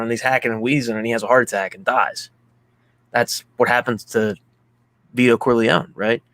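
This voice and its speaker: A man's voice: mid-range voice, a bit bright, no echo. Rambling man in casual movie chat. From Pennsylvania, USA. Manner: rambling, filler-heavy, heartfelt storytelling. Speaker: podcast co-host.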